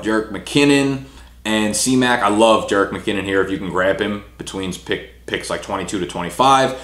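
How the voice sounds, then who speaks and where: A man's voice: fairly low pitch, fairly bright tone. A young man breaking down fantasy football rankings in a casual, talky way, full of "you know" and "right". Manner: fast casual delivery with fillers like "you know". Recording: echoey room.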